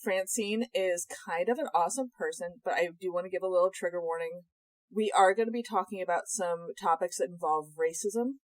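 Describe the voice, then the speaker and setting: A young woman with a slightly low voice co-hosts a casual podcast chat, animated and sarcastic, swearing freely. Her voice sits dry and close to the mic. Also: brisk, no room sound, poor audio. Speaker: podcast co-host.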